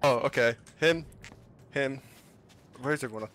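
A man's voice: on the low side, brisk, a bit bright, slight background noise. A man with a British accent bantering cheekily with teammates during an online game. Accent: British English. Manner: cheeky, teasing, upbeat. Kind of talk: casual gaming banter.

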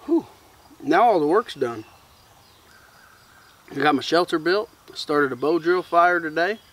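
A fairly high-voiced man with a drawl talks easily to the camera while camping in the woods. His chat is loose and rambling. Crickets and insects chirp behind him outdoors. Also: a little slow. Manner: relaxed, rambling and chatty. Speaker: bushcraft vlogger. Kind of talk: casual campfire chat to camera.

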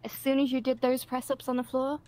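A woman chatting over voice chat, playing along as a pretend partner with teasing, deadpan jokes. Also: high voice, brisk. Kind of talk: playful role-play chat.

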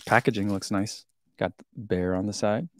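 A man's voice: lowish voice, moderate pace, fairly bright tone. A man chatting casually as he unboxes and tastes a snack, giggling now and then and talking between bites. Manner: chatty, giggly, talks while chewing. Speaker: vlogger reviewing a snack.

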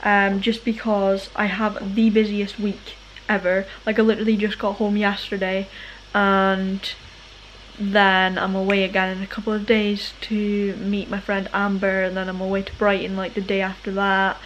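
A young woman, chatting casually and brightly in her vlog, often laughing. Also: medium pitch, monotone, moderate pace, dull audio, a little hiss or hum. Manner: bubbly, giggly, chatty. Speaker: vlogger.

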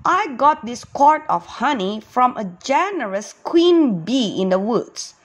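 A woman's voice: on the high side, very animated, takes it slowly, full character voice. A woman voicing a friendly little male duck in a children's storybook, cheerful and eager.

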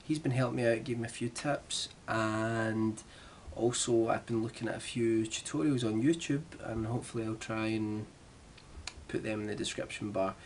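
This young man's voice is on the low side, with fairly even intonation and a moderate pace, over slight background noise. A vlogger from Glasgow with a Glaswegian Scottish accent, he chats casually to camera in a rambling, self-deprecating manner.

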